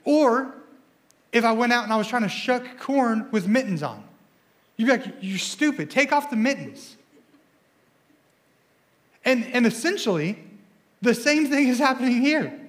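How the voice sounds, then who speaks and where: High-voiced excitable young male preacher. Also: moderate pace. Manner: energetic, excitable, self-interrupting with repeated words. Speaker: student pastor. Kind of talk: sermon. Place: church.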